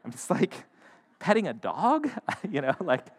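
A man preaching a sermon, retelling a story with animated, joking asides. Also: on the high side, moderate pace. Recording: echoey hall.

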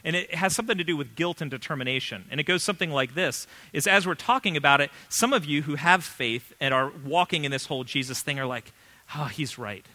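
A man in his thirties, a pastor, preaching a sermon in an earnest, conversational way with emphatic pauses. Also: fairly high pitch, pushed and bright.

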